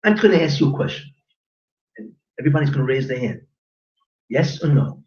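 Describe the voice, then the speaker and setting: A man teaching a class as a rabbi, animated and joking, quizzing his audience with questions. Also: medium pitch, brisk. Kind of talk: lively Torah class lecture. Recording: roomy lo-fi recording from a distance.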